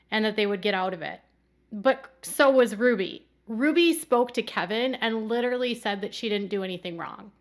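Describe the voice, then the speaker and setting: Indignant woman giving true crime commentary. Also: on the high side. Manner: indignant, emphatic. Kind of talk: critical commentary.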